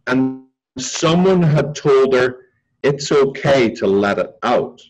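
A man's voice: medium pitch, takes it slowly, lo-fi sound, soft background music. A man, a martial arts instructor and guest, telling a story in a casual talk show chat and acting out the people in it. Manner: animated storyteller acting out quotes.

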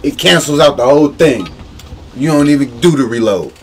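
A man chatting casually while playing a video game, excitable and ranting in slangy, profane complaints. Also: mid-range voice, normal speed. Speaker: gamer. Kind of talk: casual gameplay chat. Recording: noisy game and vehicle sounds behind.

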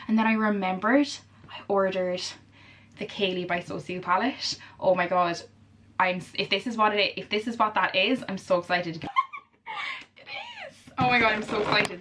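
A young Irish woman in her twenties vlogging in a chatty, gushing way, full of fillers and excited exclamations. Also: medium pitch, brisk. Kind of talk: casual vlog chat.

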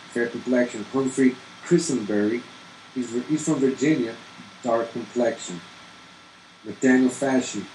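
A man's voice: medium pitch, darkish tone. A man reading colonial muster rolls aloud and challenging viewers with rhetorical questions. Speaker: genealogy video host. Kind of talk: reading records aloud with commentary. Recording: echoey room with faint air-conditioning hum.

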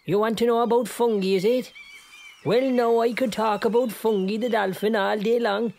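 Here the boastful Kerry fisherman comes through a steady, darkish mid-range voice at normal speed, close to everyday speech. It's a comic turn: loose, chatty yarn-spinning full of tall tales, broken up by sudden snatches of song.

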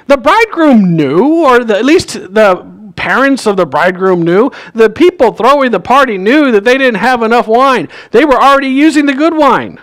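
Man, pastor, high voice, conversational sermon, church. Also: lively intonation, normal speed, few pauses, a bit bright. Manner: conversational storytelling, acts out quoted lines. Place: church sanctuary.

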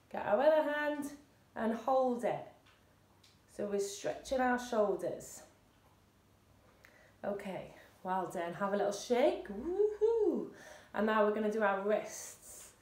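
Brief: woman, fitness instructor, high and sing-song, slow and clear, echoey room. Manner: encouraging, with cheery whoops. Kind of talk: leading a seated exercise warm-up. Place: indoor room, seated on a chair.

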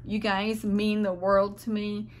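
A woman's voice: medium pitch, flat delivery, slow, slight background noise. Tired, rambling middle-aged woman vlogger. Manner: rambling, hesitant, searching for words; earnest, heartfelt address to viewers. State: tired and unwell. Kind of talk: casual personal vlog monologue.

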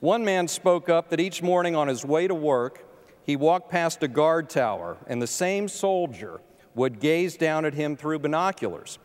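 Moderator with a raised voice in a hall. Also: male voice, a little high, expressive. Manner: deliberate, quotes passages carefully. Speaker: panel moderator. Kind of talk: formal introduction, reading prepared remarks. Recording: echoey hall.

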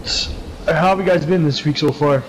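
A man's voice: on the high side, moderate pace, background noise. A man chatting with teammates while streaming a shooter game, friendly and teasing with his questions. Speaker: streamer playing a battle royale game with a squad. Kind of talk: casual gaming chat. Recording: game gunfire clearly heard behind.

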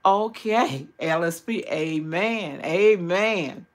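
A woman's voice: fairly low pitch, expressive, slow pace. An older woman from Tennessee with a Southern accent, praying and chatting with viewers on a livestream, repeating words for emphasis. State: recovering from hip surgery. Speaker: YouTube channel host. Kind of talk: livestream prayer and chat with viewers.

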